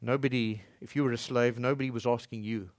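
A man preaching a sermon as pastor in a church, swinging between loud emphatic lines and soft low passages. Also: fairly even intonation, a little fast, no room sound.

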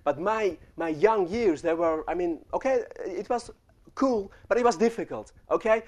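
High-voiced male preacher telling a story. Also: lively intonation, normal speed, darkish tone. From refugee childhood in the Netherlands. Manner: storytelling, addresses the congregation directly. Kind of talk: sermon.

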